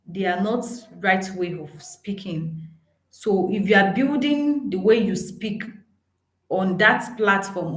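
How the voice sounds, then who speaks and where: A woman giving an earnest motivational talk to students, repeating points for emphasis. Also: fairly low pitch. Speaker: educator speaking to students. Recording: roomy echo.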